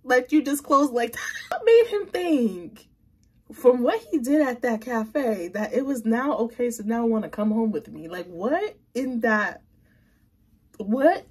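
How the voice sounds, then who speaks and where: A young woman vlogger telling a story in a casual, animated way and talking straight to her viewers. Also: fairly high pitch, takes it slowly, breathy edge.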